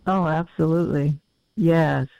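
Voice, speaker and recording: A man in his fifties, a musician talking as a guest in a casual interview, reflective and halting with many fillers. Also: on the high side, fairly even intonation, gravelly, smooth, dry recording. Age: 50s. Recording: dull lo-fi audio.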